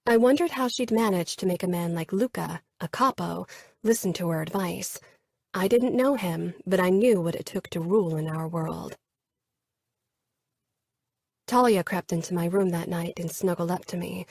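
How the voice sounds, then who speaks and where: Female audiobook narrator, measured and intimate, with a breathy edge and a dry, close studio sound. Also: lowish voice, a little mellow, no room sound. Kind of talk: first-person romance audiobook narration.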